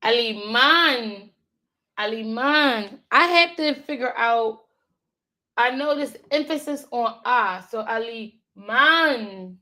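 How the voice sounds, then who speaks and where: A woman learning a language, thinking aloud and slowly repeating words to practice them. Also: high voice, sharp tone. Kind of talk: thinking aloud while studying.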